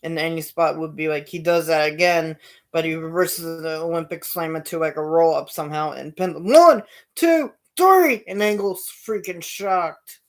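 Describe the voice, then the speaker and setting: A man's voice: a little high, flat delivery, moderate pace. A man hosting his own show, telling a long story in a rambling way with many fillers and restarts. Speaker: show host. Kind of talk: casual storytelling.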